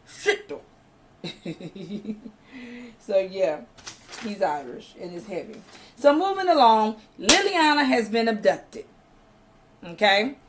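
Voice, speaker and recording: A woman's voice: medium pitch, very animated, unhurried, a little hiss or hum. A woman from the American South recapping a TV episode in a chatty, emphatic way, with frequent fillers and slang. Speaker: TV show reviewer. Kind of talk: casual spoken recap.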